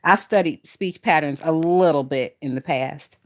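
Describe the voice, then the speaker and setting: A woman's voice: low-pitched, normal speed. A woman hosting a casual gossip livestream, chatty and profane, laughing often and talking to her chat. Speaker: gossip channel host.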